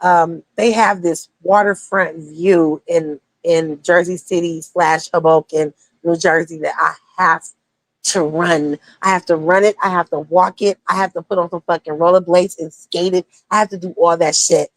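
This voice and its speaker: A woman's voice: on the low side, steady tone, normal speed, no echo. A young woman talking casually on a livestream, blunt and profane, rambling between topics as a streamer.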